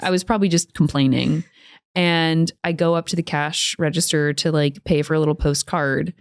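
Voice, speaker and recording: A woman with a lowish voice chats her way through a story on a podcast. She laughs often and slips into little voices for quoted lines. The sound is close and dry. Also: steady tone, moderate pace, no room sound. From United States. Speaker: podcast co-host. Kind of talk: casual podcast chat.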